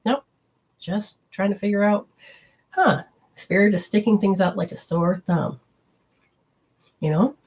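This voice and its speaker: Animated husky woman teaching spirituality. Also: mid-range voice, unhurried, long pauses. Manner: animated, chatty, acts out quotes, swears casually. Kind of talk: live-streamed teaching talk to viewers.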